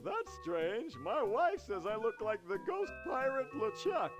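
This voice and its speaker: A sly male game character who keeps pushing cigars, slow and drawn out in delivery. The voice sits high and swoops widely. Game music plays clearly behind him. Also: sing-song, full character voice. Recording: game audio over music.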